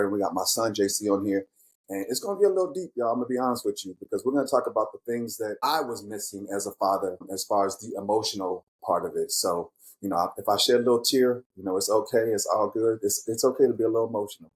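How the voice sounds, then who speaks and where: Fast-talking candid father hosting. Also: on the low side, rough recording. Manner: candid, reflective, animated when quoting himself. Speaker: podcast host and father. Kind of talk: casual heartfelt chat.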